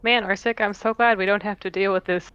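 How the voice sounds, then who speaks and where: A woman's voice: mid-range voice, fairly even intonation, brisk, fairly bright tone, clear, resonant tone. A woman playing a tabletop game, bantering playfully in casual chat. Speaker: player. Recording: dull lo-fi mic with faint hiss.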